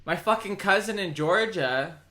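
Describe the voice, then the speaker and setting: Young guy hosting a comedy podcast, bright edgy voice, jokey and teasing. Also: sits high, a little slow. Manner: joking, teasing, animated. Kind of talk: casual comedic chat.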